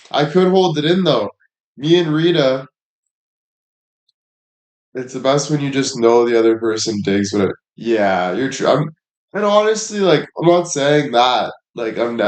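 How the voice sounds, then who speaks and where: A man's voice: medium pitch, reverberant. A young man livestreaming, chatting casually in a rambling, profane, laid-back way.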